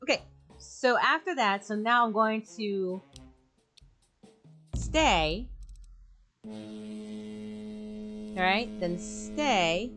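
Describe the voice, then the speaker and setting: A young woman streaming a game, chatting and thinking aloud, with sudden excited outbursts. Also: mid-range voice, drawn-out words, long pauses, faint music behind. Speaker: gaming streamer. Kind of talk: let's play commentary.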